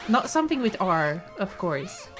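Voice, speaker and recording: A woman with a southern Swedish accent chats casually and rambles on a stream, often restarting, laughing and swearing. Her voice sits at a middling pitch for a woman. Faint music plays behind her. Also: big pitch swings, moderate pace. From southern Sweden. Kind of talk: casual chat.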